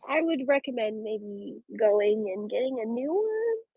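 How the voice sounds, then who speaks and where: A woman's voice: on the high side, lively intonation, unhurried, breathy edge, no echo, narrow, tinny audio. A woman guest in a casual beauty chat, talking freely about her own makeup habits. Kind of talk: casual chat on a live audio room.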